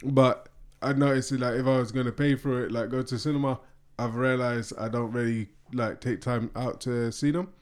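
A man talks films in a loose, rambling way, circling back and restarting his thoughts as he goes. He laughs easily and sounds relaxed and unscripted, with a mid-range voice. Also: medium pitch, moderate pace, few pauses. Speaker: podcast co-host. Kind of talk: casual film review chat.

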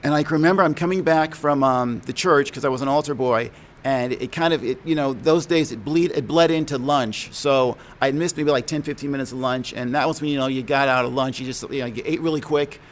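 A middle-aged man from New York telling a personal childhood story in a reflective, conversational way, often pausing and correcting himself. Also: mid-range voice, a little hiss or hum. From New York, USA. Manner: conversational, halting, self-correcting. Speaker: speaker sharing a personal story.

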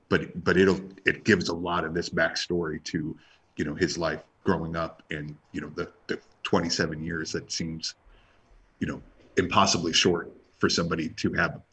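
A man's voice: deep voice, a bit bright, breathy edge. A man co-hosting a casual music podcast, rambling with many restarts and fillers. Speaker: podcast co-host.

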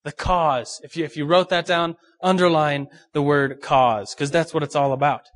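A young man, a pastor, giving a lively, joking sermon and talking straight to his audience. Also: on the high side, normal speed. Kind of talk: youth sermon.

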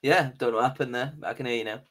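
A man's voice: mid-range voice, rapid-fire, fairly bright tone. Laid-back man hosting a casual chat. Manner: laughs often, loose and joking. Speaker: podcast host.

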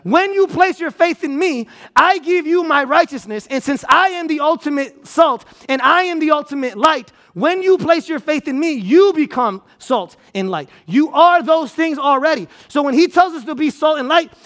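Male pastor, high voice, energetic sermon delivery, emphatic restarts. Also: moderate pace. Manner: energetic, repetitive preaching with restarts and emphatic repeats. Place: church auditorium.

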